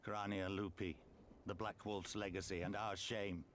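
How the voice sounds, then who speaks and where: A grieving rebel leader from a video game a low, gravelly voice. The Scottish lilt carries through a weary, mournful delivery, full of bitterness at his people's losses. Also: level tone, moderate pace, a bit bright, a little hiss or hum. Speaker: game cutscene character.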